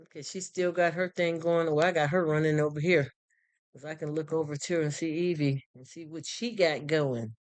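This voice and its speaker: A live streamer in casual chat who talks in a warm, rambling, heartfelt way with many restarts. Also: mid-range voice, steady tone, a little fast, no room sound. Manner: greets chat viewers by name and thanks them. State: choked up, near tears.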